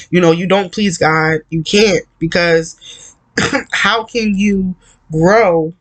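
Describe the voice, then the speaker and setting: A man giving an earnest, conversational devotional talk, repeating his points and filling gaps with "like" and "you know.". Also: a little high. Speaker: Christian encourager.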